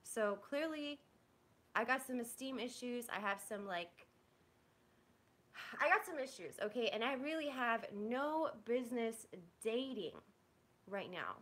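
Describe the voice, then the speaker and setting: High bright-voiced young woman venting. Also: animated, a little slow, long pauses. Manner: rambling, blunt, profane, frustrated. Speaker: vlogger. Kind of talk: candid venting to a live audience.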